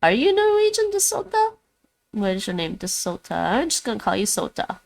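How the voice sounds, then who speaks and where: A woman's voice: mid-range voice, wildly swooping pitch, fairly quick, vocal fry. A woman whose first language is Dutch, chatting casually on a livestream as she practices words aloud and thinks through them. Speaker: streamer learning languages.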